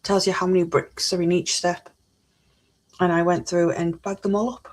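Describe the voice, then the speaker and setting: A woman's voice: lowish voice, flat delivery, moderate pace. A woman chatting casually on a live stream, reading out chat messages while she builds a model kit at her desk.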